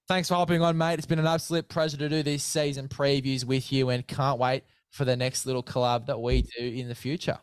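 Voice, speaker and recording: A man's voice: mid-range voice, little pitch movement, a little fast, few pauses, clear, resonant tone, no room sound, clean studio sound. A man hosting a casual sports chat, matey and full of fillers. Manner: chatty, matey, heavy on fillers. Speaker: podcast host.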